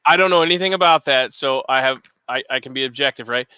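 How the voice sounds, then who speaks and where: A man's voice: medium pitch, fast talker, bright, forceful tone, clean tone, no echo, lo-fi sound. A man in casual chat, talking with profane, joking bravado.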